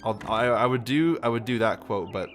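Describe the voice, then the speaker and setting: A man's voice: medium pitch, normal speed, faint music behind. A man livestreaming a detective game, chatting casually, laughing and quoting lines from the series. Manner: playful, quotes lines in silly voices, laughs often. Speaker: streamer playing a detective game.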